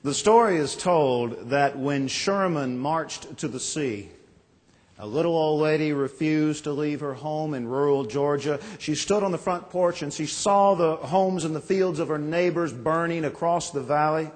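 A man's voice: a little high, unhurried. A pastor in his forties preaching a sermon, reading scripture and telling folksy stories with self-deprecating jokes. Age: 40s. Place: church sanctuary. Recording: long echo of a large church.

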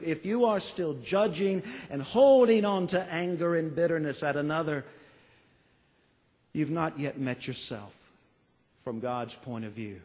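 Slow-preaching pastor in an echoing church. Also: male voice, a little high, expressive. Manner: slow, emphatic preaching with dramatic pauses and soft trailing endings. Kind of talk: sermon.

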